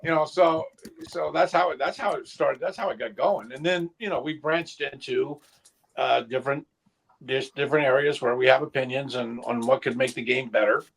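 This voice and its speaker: A man with a gravelly, husky voice chatting at a podcast round table. He tells stories in a relaxed, easygoing way and laughs often. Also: medium pitch, normal speed. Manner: laid-back storyteller, laughs easily. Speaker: podcast founder and co-host. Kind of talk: casual round-table chat.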